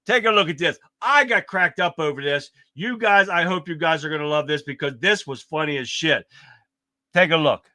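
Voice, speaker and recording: Man, livestream host, casual chat, bright tone, slightly high voice. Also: moderate pace, no echo, clean studio sound. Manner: chatty, laughs easily, addresses viewers. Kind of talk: casual live-stream chat.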